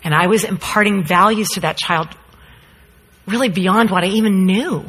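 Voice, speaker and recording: A woman's voice: mid-range voice, moderate pace, breathy edge. A woman, a mother, telling a story in a sermon and acting out quotes. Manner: animated storyteller, acts out quotes. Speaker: speaker, mother. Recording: long hall reverb.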